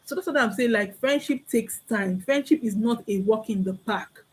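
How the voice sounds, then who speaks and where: This young woman talks with a Nigerian accent and a husky, breathy edge to her voice. She lectures earnestly and comes back to her main points again and again. Now and then she acts out short everyday exchanges to make a point. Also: on the high side, normal speed, hardly any pauses, poor audio. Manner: earnest and preachy, repeats key phrases, acts out little dialogues. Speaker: vlogger. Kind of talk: heartfelt talk to camera.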